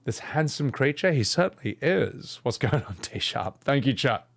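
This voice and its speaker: A man's voice: medium pitch, moderate pace, gravelly. Ranting man streaming a game. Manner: rambling, swearing, animated rants. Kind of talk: casual live-stream commentary.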